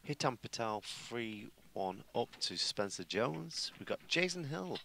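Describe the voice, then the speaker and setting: Gravelly, bright-voiced pool commentator man. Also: mid-range voice, unhurried, a little hiss or hum. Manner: chatty, excitable, reels off scores. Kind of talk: live sports commentary.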